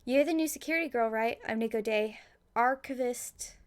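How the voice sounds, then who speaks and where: A woman voicing a deliberate, slow-speaking archivist. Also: on the high side, natural voice. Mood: probing.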